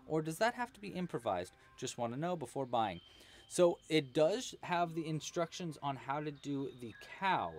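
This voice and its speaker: A man hosting a casual crochet livestream, talking quietly to himself as he works and chatting with viewers, with faint music behind. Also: a little high, slight background noise. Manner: relaxed, murmurs to himself while working, chatty with viewers.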